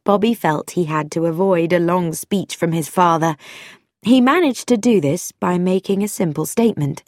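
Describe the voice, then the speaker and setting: A woman narrating an audiobook in clear, measured storytelling. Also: lowish voice, darkish tone, dry recording, studio quality.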